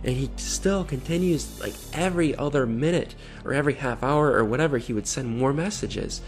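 Male vlogger, mid-pitched, reads messages aloud with weary sarcasm; faint music underneath. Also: moderate pace. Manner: exasperated, sarcastic asides. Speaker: online predator-baiting vlogger. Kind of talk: reading chat messages aloud with commentary.

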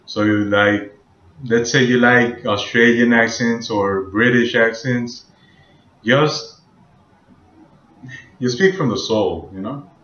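Slow-talking man in an echoey room. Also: medium pitch, a bit bright. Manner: slow, rambling, halting delivery with fillers. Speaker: vlogger. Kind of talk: casual rambling vlog with freestyle singing. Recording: echoey room, dull lo-fi sound.

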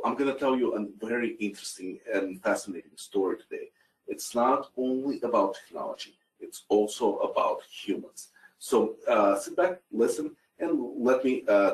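A man's voice: on the low side, expressive, normal speed. A middle-aged man with a Russian accent giving a casual conference talk, with many fillers and restarts. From Ukraine. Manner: conversational with frequent fillers and self-corrections. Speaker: conference speaker. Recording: roomy sound, distant from mic.

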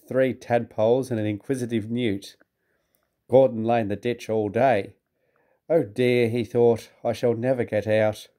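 A British man reading a children's railway story aloud, calm and measured. His voice is mellow and soft-edged, sitting at an ordinary male pitch, with gentle expression on each line. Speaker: narrator.

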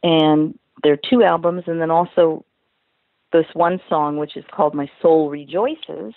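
A woman's voice: sits low, a little slow, no room sound. Chatty older woman on a phone line. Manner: chatty, storytelling, animated quotes. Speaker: singer and voice actress, guest. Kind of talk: interview over the phone. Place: home in California. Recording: dry tinny phone line.

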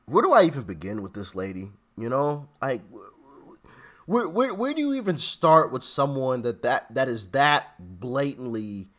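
A man's voice: medium pitch, big pitch swings, unhurried, a bit bright. A man giving casual political commentary on his vlog, laughing often and stammering through repeated restarts. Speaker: commentary vlogger.

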